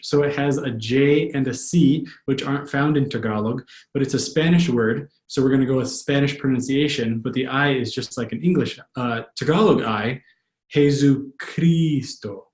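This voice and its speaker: A male language tutor giving a pronunciation lesson, patiently repeating words slowly. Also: mid-range voice, darkish tone. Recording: echoey room.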